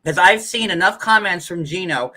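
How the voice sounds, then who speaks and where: A man's voice: high-pitched, normal speed, bright, forceful tone, rough recording. A man hosting a casual live chat, rambling with lots of filler words. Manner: rambling, heavy use of "like" fillers. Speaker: host.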